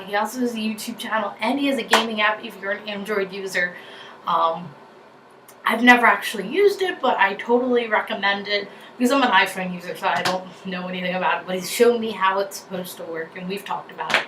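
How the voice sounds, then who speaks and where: Young woman vlogger, New York accent, chatty and bubbly, recorded in an echoey room with noise. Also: mid-range voice. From New Jersey. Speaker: YouTuber. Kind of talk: casual vlog chat. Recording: echoey room, mic at a distance, noisy.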